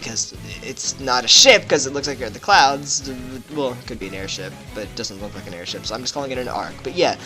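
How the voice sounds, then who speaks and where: A young man casually analysing a game trailer, excitable and rambling, with lots of fillers. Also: a little high. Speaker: gaming video host. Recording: faint background music.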